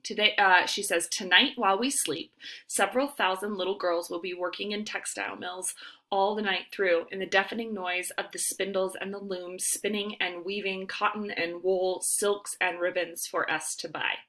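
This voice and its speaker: A woman's voice: medium pitch, steady tone, normal speed, pushed and bright. A young woman teacher giving a casual recorded lecture from home, talking informally with many ums and rights.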